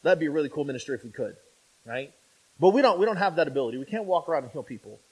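A man's voice: a little high, very fast, husky. A man preaching a sermon in a conversational way. He often checks in with "right?" and acts out imagined speakers. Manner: conversational, with frequent "right?" tags to the congregation; animated, acting out imagined speakers.

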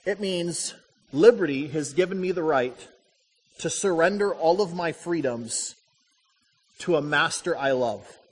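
A man preaching from the pulpit, middle-aged and high-voiced. He tells stories and drives home short repeated lines, and his words ring out with a long reverb through the church hall. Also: measured pace, slightly rough. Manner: animated storytelling with punchy repeated lines. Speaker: pastor. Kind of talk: sermon.

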